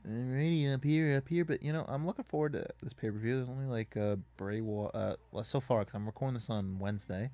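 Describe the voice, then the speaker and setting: A man's voice: mid-range voice, quick pace, hardly any pauses, dark tone, dry recording. A man casually commenting on a wrestling video game as he plays, rambling and swearing in frustration at it. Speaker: gaming YouTuber.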